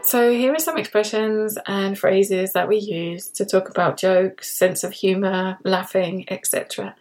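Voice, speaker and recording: British woman, podcast English teacher, clear slow delivery, mid-pitched, repeats key words. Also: fairly even intonation, a little mellow, faint music behind. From Britain.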